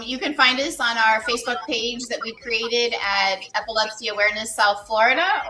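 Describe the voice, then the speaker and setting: A woman promoting her own show on a podcast, briskly listing where to find it. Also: a little high, pushed and bright, recorded from a distance, low-quality recording. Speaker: show co-host plugging her program. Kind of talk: live podcast chat.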